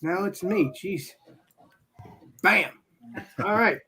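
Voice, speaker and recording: A man's voice: high voice, animated, takes it slowly, background noise. A man hosting a casual live stream, talking in an easygoing, loose way. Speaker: host.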